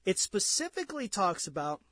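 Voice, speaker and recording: A fervent male preacher with a fairly high voice, delivering a sermon that swells louder and higher when he drives a point home. He repeats words for emphasis and pleads with his listeners. The sound is dry and close. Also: very animated, a little fast, dry recording.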